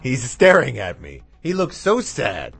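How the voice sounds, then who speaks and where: Rambling man on a radio show, husky. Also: mid-range voice, huge pitch swings, measured pace, a bit bright, faint music behind. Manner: rambling and playful, talking to his dog. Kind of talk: casual radio chat between songs. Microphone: studio mic with echo effect.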